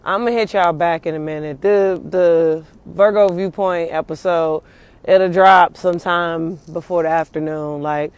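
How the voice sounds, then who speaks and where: A woman's voice: on the low side, fairly even intonation, unhurried, darkish tone, clear, resonant tone. A young woman venting casually and angrily on a phone livestream outdoors, swearing often and rambling with many fillers.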